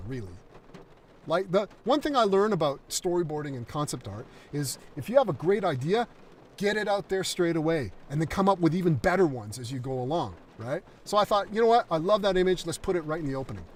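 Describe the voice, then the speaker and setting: An enthusiastic man, mic a bit distant. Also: a little high. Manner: enthusiastic, rambling with fillers. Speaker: concept artist and screenwriter. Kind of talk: livestream talk, reading a draft script.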